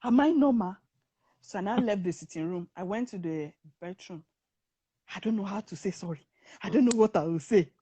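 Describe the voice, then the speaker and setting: A middle-aged woman, a podcast guest telling stories in lively casual chat. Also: mid-range voice, moderate pace, husky. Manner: lively storyteller who acts out quotes.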